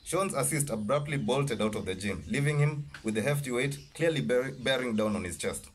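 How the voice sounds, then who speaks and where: A man reading his own novel aloud, halting and correcting himself as he goes. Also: mid-range voice, expressive, slight background noise. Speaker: author.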